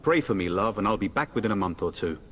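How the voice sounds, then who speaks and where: An actor voicing a cheerful young noble knight, a joking older brother heading off to war. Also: male voice, lowish voice, animated, fast talker, fairly bright tone, slight background noise. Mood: jovial. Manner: jovial, teasing.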